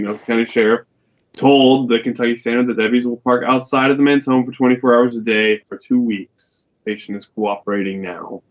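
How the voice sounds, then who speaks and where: A man hosting a podcast who reads out news stories in a relaxed, hesitant way, with fillers. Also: lowish voice. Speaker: podcast host. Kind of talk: reading news stories aloud in a casual chat. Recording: dull, lo-fi recording.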